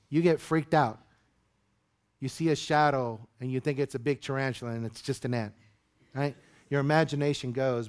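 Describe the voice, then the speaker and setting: A man preaching a sermon as a pastor, chatting loosely and then rising to high, emphatic peaks. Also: clean tone.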